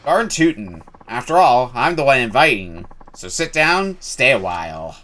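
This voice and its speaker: A man voicing a drunk, brash former baseball ace from a video game, folksy and quick to anger. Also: mid-range voice, sing-song, pushed and bright. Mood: jovial. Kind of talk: reading game dialogue aloud.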